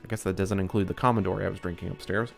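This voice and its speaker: A man's voice: sits low, fairly even intonation, racing, gravelly, faint music behind. A man hosting a let's-play, commenting wryly and playfully on his choices as he plays. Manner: wry, playful. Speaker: gaming channel host playing a game.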